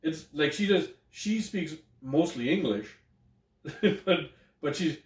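A man's voice: a little high, expressive, takes it slowly, far from the mic. A man co-hosting a podcast in casual chat, rambling, swearing and laughing often. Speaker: podcast co-host. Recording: roomy, from off-mic.

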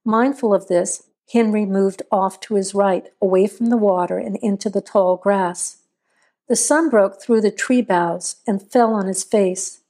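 A woman reading a scripted horror story aloud in a measured, steady storytelling voice. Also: mid-range voice. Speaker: narrator.

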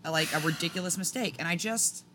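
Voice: mid-range voice, fast talker, background noise. A podcast co-host in casual chat, opinionated and blunt, swearing freely. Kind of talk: casual chat about motor racing.

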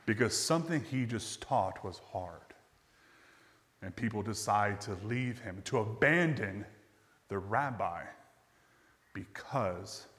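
A male pastor preaching a sermon, telling a personal story in a conversational way and letting phrase ends fall quiet and slow. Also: fairly low pitch, long reverb tail. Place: church sanctuary.

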